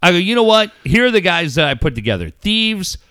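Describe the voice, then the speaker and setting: A high-pitched, bright middle-aged man tells a story on a podcast in a profane, animated rant. His voice swings hard between low grumbles and near-yells. The sound is close and dry. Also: brisk, no echo. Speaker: podcast host. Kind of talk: casual podcast chat.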